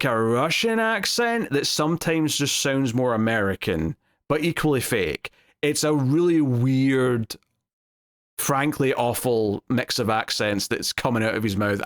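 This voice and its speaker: A man's voice: mid-range voice, a bit bright. A young man reviewing a TV episode in casual solo talk, rambling with lots of restarts and fillers.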